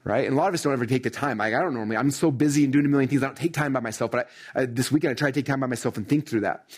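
A middle-aged man with a husky voice delivers a motivational training talk to a live audience. He speaks at a rapid clip and keeps the energy up. His speech is full of "right?" and "like". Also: medium pitch. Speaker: success coach.

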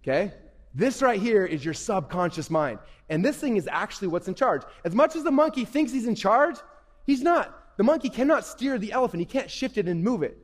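A man giving an energetic, playful, emphatic live presentation to young people as a motivational speaker. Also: high voice, fairly quick. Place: event hall. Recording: reverberant hall.

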